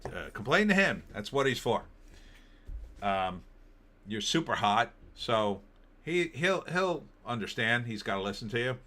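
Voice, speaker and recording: With a sing-song, sharp-toned mid-range voice and a slightly slow pace, a middle-aged host runs his opinion show. He casually rants about headlines with sarcasm and mocking asides in put-on voices.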